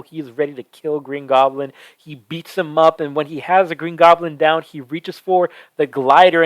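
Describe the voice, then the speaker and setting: Male reviewer, slightly raised pitch, eager and breathless, close dry mic. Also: no echo, low-quality recording. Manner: enthusiastic, breathless with excitement. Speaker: film reviewer. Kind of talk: excited spoken movie review. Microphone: close microphone.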